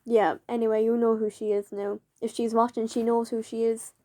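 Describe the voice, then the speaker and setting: Woman vlogger telling her story, kinda high voice, soft mellow tone, lots of "like". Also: little pitch movement, brisk. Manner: chatty, leans on "like" and acts out quoted dialogue. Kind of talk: casual personal storytelling.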